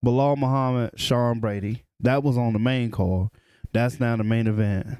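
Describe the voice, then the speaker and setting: A man's voice: mid-range voice, steady tone, normal speed, a little mellow, clean tone, no echo, studio quality. A man co-hosting a podcast, joking around and stumbling through hard names on purpose. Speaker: podcast co-host. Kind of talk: casual chat.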